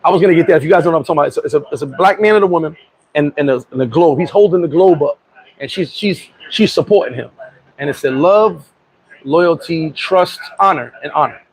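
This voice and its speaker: American man, livestream host: high, gravelly voice, loose chatty delivery, shout-outs and comment reading. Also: quick pace, rough recording. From United States. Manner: reads viewer comments and gives shout-outs; rambling, with frequent restarts and chuckles. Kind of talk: casual livestream chat.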